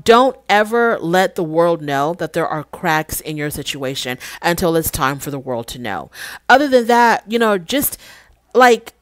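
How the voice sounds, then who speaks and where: A woman giving a casual, opinionated review of a reality TV episode, retelling scenes and acting out quotes with animated emphasis. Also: fairly low pitch, measured pace, dry recording.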